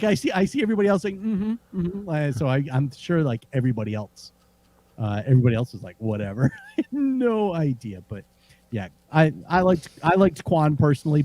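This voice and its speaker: Animated higher-pitched man chatting sports. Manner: animated, rambling with restarts and laughs. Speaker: podcast co-host. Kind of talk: casual sports talk.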